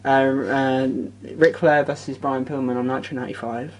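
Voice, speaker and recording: Woman w a really deep voice chatting, sweary n excitable, faint hiss. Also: moderate pace. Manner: sweary, excitable, lists things off. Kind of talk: casual chat.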